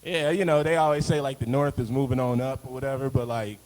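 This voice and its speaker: A man's voice: mid-range voice, steady tone, fast, a little mellow, big-room sound, rough recording. A young man from Chicago's South Side doing a loose, rambling stand-up set at an open mic, full of fillers and chuckling at his own jokes. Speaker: stand-up comic. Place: open-mic stage in an arts space.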